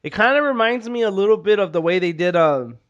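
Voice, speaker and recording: Higher pitched dude cohosting a podcast, swears a bit, trails off mid-thought. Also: male voice, expressive, quick pace, highs cut off. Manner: loose, swears casually, trails off. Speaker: podcast co-host. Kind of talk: casual chat.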